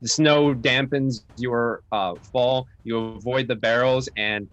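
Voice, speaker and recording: A man narrating a tabletop game as dungeon master, relaxed and loose, with many filler words. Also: mid-range voice, takes it slowly, dull audio. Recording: faint music behind.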